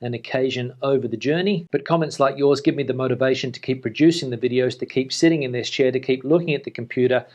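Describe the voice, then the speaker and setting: A man's voice: mid-range voice, quick pace, few pauses, highs cut off. Australian man answering viewer comments. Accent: mild Australian. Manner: relaxed, conversational, reads comments aloud then replies. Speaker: vlogger. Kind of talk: casual vlog reading and answering viewer comments. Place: home office at a computer. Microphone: camera-facing setup.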